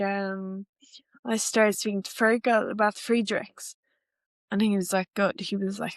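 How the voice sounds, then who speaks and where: A young Irish woman in her twenties recounts her own story as a podcast guest, chatty and meandering. Her pitch stays fairly level and even. The recording is dry and close, with no room sound. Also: no echo. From Ireland. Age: 20s. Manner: chatty, rambling, full of "like" fillers. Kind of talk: personal storytelling in a podcast interview.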